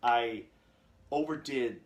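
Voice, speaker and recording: A man hosts a live Q&A, giving casual advice slowly in a plain, everyday mid-range voice that he calls nerdy. He rambles candidly and often restarts his sentences.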